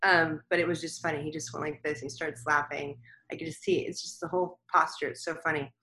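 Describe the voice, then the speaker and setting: A woman's voice: deep voice, steady tone, fast, bright, forceful tone, a little hiss or hum, rough recording. A woman guest in a casual interview, chatty and eager as she relays messages she says she receives. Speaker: guest medium.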